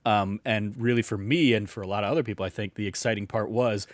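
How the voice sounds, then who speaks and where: Young male podcast co-host, lowish voice, loose, filler-heavy delivery, dry recording. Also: steady tone, quick pace, dry recording. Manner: rambling, many fillers and restarts. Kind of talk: casual chat.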